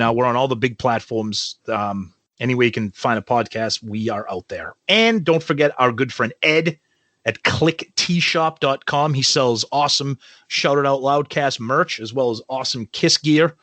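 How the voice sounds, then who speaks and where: A man co-hosting a podcast in easygoing casual chat, halting with fillers. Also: mid-range voice, fairly bright tone, no echo. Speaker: podcast co-host.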